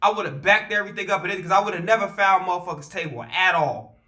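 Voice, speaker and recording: A man telling a casual storytime vlog, animated and profane, rambling with fillers and restarts. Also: sits high, fast.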